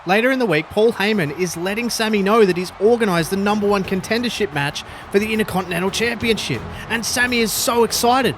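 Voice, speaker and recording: A man narrating a scripted story in an upbeat, energetic way. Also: high-pitched, brisk, hardly any pauses, slight background noise. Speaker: YouTube storyteller.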